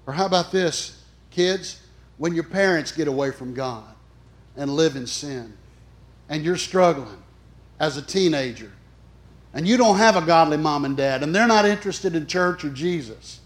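Middle-aged male chaplain preaching, emphatic, dynamic swings, slightly high pitch. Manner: emphatic, swings between loud and soft. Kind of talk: sermon.

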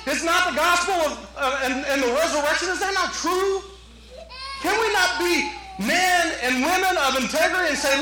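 Pastor guy preaching, real high bright voice, gets loud then jokey, echoey church. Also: normal speed, slight background noise. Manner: animated preaching, rising to shouts, playful asides. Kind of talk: sermon. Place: church sanctuary.

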